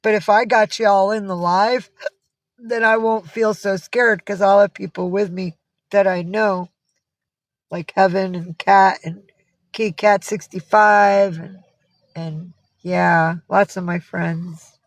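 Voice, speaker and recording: A woman's voice: mid-range voice, steady tone, slow pace, no room sound. A woman from upstate New York hosting a casual livestream, chatting with viewers, greeting them by name and swearing freely. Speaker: livestream host.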